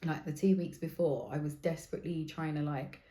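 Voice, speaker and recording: A woman's voice: sits low, steady tone, brisk, mellow. A woman, hosting a podcast and telling a rambling, sweary story. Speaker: podcast host. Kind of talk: casual confessional chat. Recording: echoey room.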